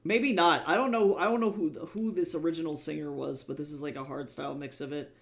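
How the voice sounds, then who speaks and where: Man, fairly high voice, casual livestream chatter, self-deprecating, talks to himself while drawing. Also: fairly even intonation, fairly quick, vocal fry. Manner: rambling, self-deprecating, thinks aloud. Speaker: webcomic artist streaming.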